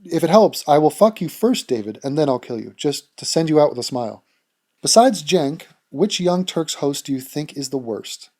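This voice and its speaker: A man answers viewer questions in a casual vlog, his talk blunt, crude and full of jokes. His voice sits a little high, with a mellow, soft-edged tone. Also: sing-song, normal speed. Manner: blunt, profane and joking. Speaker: YouTube channel host answering viewer questions.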